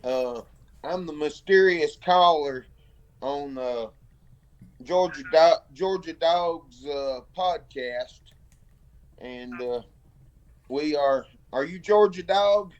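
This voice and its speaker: A man's voice: on the high side, smooth, dull audio. A man who calls into a podcast and talks casually, stopping and restarting often with many fillers. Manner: halting, full of fillers and restarts. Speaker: caller. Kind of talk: casual chat. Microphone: phone.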